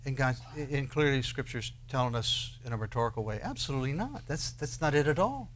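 A man preaching a sermon, who swings between loud declarations and quiet asides and asks his listeners many rhetorical questions. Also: medium pitch, expressive, a little fast, a little hiss or hum. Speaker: pastor.

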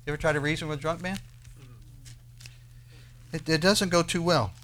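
A man preaching a sermon, who swings between loud declarations and quiet asides and asks his listeners many rhetorical questions. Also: fairly high pitch, steady tone, moderate pace. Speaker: pastor.

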